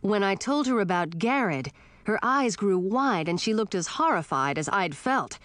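A woman narrates a first-person audiobook with a very lively, expressive delivery, her pitch rising and falling freely. Her voice sits at a middle pitch and the recording is dry and close, with no room sound. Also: moderate pace, no room sound.

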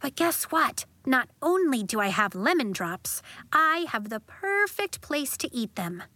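A woman voicing a cheerful, comforting young girl in a storybook reading, quick and reassuring. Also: high-pitched, very animated, bright, forceful tone, dry recording, exaggerated voice. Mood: upbeat.

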